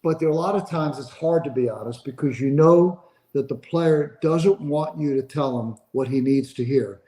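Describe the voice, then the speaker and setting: A man's voice: a little high, moderate pace, warm tone, poor audio. An older man, a sports agent being interviewed on a podcast, telling a long story and acting out the dialogue of the people in it.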